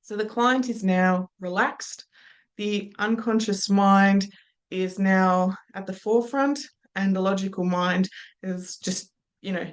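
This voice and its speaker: A woman hypnotherapy trainer explaining hypnosis technique in a relaxed lecture, sometimes slipping into slow, soothing trance patter as examples. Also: medium pitch.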